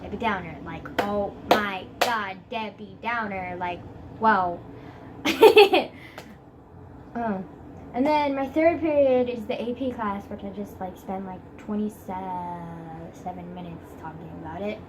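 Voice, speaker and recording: A woman's voice: medium pitch, unhurried, noisy background. A teenage girl vlogging casually about school from her bed, rambling and dramatic with many fillers. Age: teens. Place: bedroom, sitting on a bed.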